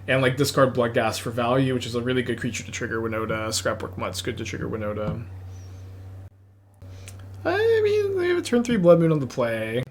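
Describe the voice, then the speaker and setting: A man with a Texas accent talks through his online card game as he plays. He thinks aloud in a rambling, excitable way, jumping between plays and side thoughts. His voice reaches a desk mic in casual gameplay commentary. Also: medium pitch, brisk, a little hiss or hum.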